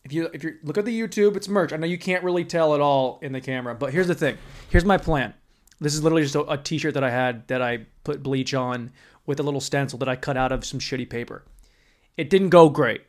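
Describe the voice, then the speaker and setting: A man's voice: a little high, quick pace. Crude, rambling man ranting comedically. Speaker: podcast host. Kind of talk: comedic rant.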